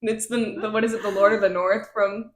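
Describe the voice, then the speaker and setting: A woman co-hosting a podcast, talking about a book in blunt, animated casual chat and swearing freely. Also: mid-range voice, brisk. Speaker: podcast co-host. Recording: roomy echo.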